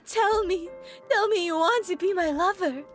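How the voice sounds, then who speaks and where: A woman's voice: very high-pitched, normal speed, soft background music. Yuri, a woman voicing an obsessive lovestruck girl. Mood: yearning. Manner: intense, breathless confessions. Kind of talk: reading game dialogue aloud.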